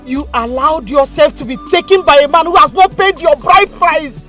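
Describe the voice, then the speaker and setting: A scolding, high-voiced mother. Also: moderate pace, a bit bright, soft background music. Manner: scolding, exclamatory. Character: angry mother of a pregnant daughter. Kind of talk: Nollywood film acting.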